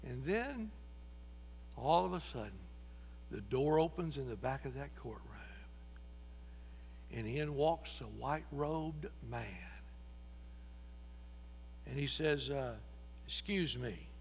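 A man's voice: mid-range voice, lively intonation, takes it slowly, pauses often, darkish tone. A man preaching a sermon in a church, telling the story with passion and repeating his phrases as he builds. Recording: echoey hall with mains hum.

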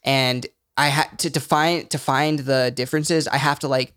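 A man's voice: medium pitch, fairly even intonation, normal speed, fairly bright tone, clear, resonant tone, no room sound, clean studio sound. A man who is a podcast guest, talking candidly and earnestly in casual chat, with lots of "like". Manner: candid and earnest, uses "like" often.

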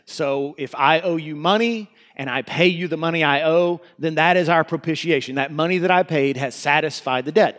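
A man preaching a sermon as a pastor. He mixes slow, deliberate scripture reading with conversational asides. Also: on the high side, a bit bright, long reverb tail. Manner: slows down to read scripture aloud, conversational asides.

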